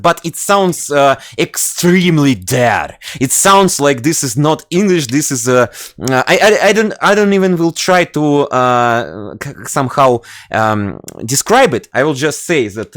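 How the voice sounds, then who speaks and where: A man's voice: a little high, fairly bright tone, dry recording, studio quality. A man from Russia with a Russian accent, hosting a casual podcast in English, hesitant and full of fillers and restarts. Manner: hesitant, many fillers and restarts, laughs often. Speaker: podcast host.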